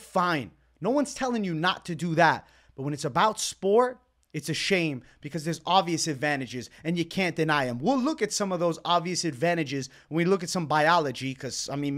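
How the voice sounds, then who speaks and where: A high-pitched man delivering a heated reaction commentary. He rants with indignation and hammers his points home by repeating the same words over and over. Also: a bit bright. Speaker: MMA commentator.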